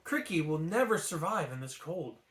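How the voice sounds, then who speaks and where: A man's voice: on the high side, animated, normal speed, lightly acted. A man voicing a brave young heroine. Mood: earnest. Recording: echoey room.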